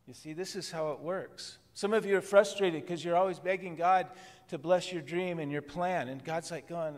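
A male pastor preaching a conversational sermon at a midweek church service, chuckling softly between points. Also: on the high side, normal speed. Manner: conversational preaching with soft laughs. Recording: long reverb of a church hall.

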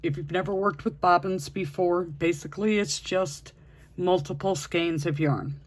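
Crochet teacher walking thru stitches, slow and a bit husky, counts out loud as they go. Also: medium pitch. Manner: patient, counts stitches aloud while working. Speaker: crochet instructor. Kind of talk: step-by-step crafting tutorial.

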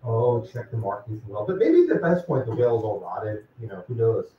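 A man's voice: lowish voice, very animated, fairly quick, slight background noise. A man teaching a law class, casually calling on students by name and asking them questions. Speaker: law professor. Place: lecture classroom. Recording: distant, echoey, dull classroom recording.

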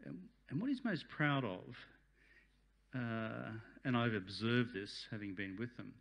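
A man's voice: mid-range voice, expressive, unhurried, vocal fry. An Australian man in his sixties giving a chatty, joking speech at a community function. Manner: chatty, jokey, warm-hearted. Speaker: guest speaker. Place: function hall.

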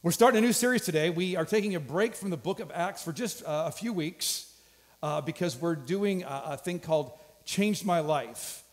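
A man's voice: on the high side, lively intonation, moderate pace. A man, a pastor, giving announcements and introducing a guest speaker with an upbeat, joking manner. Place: large church hall. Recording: hall reverb from a church stage.

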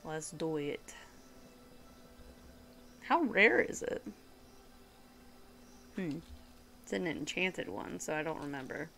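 A woman streamer chats casually with her viewers and fellow players during a live gaming session, giggling often and now and then slipping into a playful, accent-like put-on voice. She speaks low and slowly, animated yet given to long pauses, with vocal fry and a slightly bright sound.

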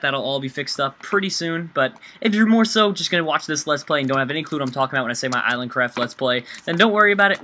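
Young guy doing let's play commentary, bright punchy voice, rambles and jokes about himself, cusses when things go wrong. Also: mid-range voice, a little hiss or hum. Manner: rambling, self-mocking, swears when panicked. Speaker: gaming channel host.

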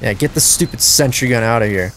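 A man giving live gameplay commentary as a channel host, excitable and prone to loud frustrated outbursts and swearing. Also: medium pitch, a little fast, a little hiss or hum.

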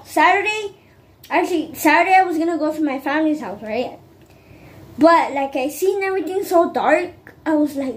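A woman talks casually to her viewers in a high voice, wandering from one aside to the next. Her speech is loose and full of fillers. A faint hum of ambience sits behind her. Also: moderate pace. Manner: rambling, many fillers and asides. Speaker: vlogger. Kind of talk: casual chat to camera.

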